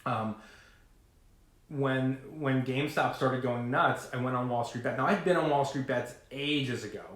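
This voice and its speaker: A man vlogging to camera about trading, talking in a rambling, animated way full of fillers and asides. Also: medium pitch, a little slow, reverberant. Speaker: finance vlogger. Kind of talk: casual talking-to-camera rant.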